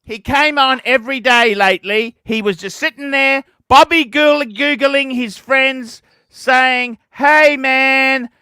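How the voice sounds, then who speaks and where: A man hosting a livestream, ranting profanely and breaking into shouts. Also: very high-pitched, a little slow, smooth, no room sound, studio quality. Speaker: livestream host.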